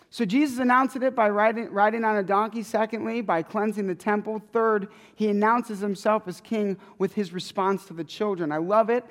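Preacher, sermon, emphatic, repetitive, conversational, long hall reverb. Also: mid-range voice.

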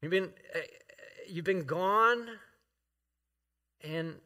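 A guest preacher delivers a heartfelt, emotional sermon in a church sanctuary, with many fillers and restarts, reading scripture aloud to the congregation. His voice is high-pitched, bright, and forceful, and he speaks very slowly.

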